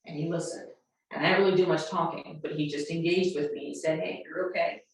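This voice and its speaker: A woman's voice: sits low, steady tone, fast talker. A woman presenting an earnest workshop talk to educators, repeating phrases for emphasis. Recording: echoey room, voice from far off the mic.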